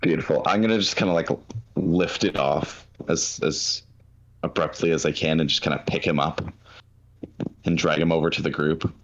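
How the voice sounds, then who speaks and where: Male player, extremely low voice, easygoing with fillers, muffled recording. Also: steady tone, normal speed, slight background noise. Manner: casual, chuckling, full of fillers. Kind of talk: tabletop role-play.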